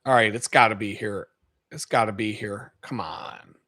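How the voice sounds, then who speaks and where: A man hosting his own video, telling a rambling, profane story with lots of laughter and sudden loud stretches. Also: fairly low pitch, moderate pace. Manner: profane, laughs a lot, gets loud retelling stories. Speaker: video host.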